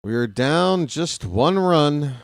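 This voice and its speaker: A man's voice: a little high, animated, slow, vocal fry, no echo, studio quality. A man calling a baseball game live as a fan play-by-play host, rooting openly for his team in a chatty way. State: hiccups.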